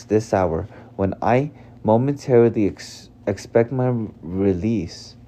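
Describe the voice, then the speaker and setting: A man reading the farewell words of a weary, regretful dying scientist, slow and solemn with some restarts. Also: on the low side, dark tone, natural voice. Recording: dull lo-fi recording.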